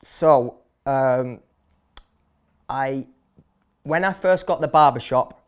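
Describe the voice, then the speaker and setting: This Manchester-accented man in his thirties, a barber who owns his shop, talks slowly in a smooth, mid-range voice. Being interviewed casually, he's blunt and chatty, with lots of fillers and false starts.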